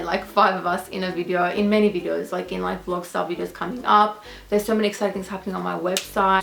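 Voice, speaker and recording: Gushing young Australian woman vlogger, slightly gravelly. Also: medium pitch, fairly bright tone. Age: young adult. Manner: gushing, chatty, affectionate toward viewers. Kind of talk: casual Q&A vlog. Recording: echoey room with faint music.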